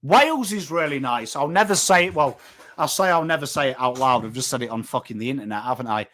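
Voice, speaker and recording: Chatty northern English man with bright tone. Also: mid-range voice, lively intonation, quick pace. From England. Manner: chatty, rambling, swears casually, reads chat names. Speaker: watchalong host. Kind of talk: casual live-stream chat.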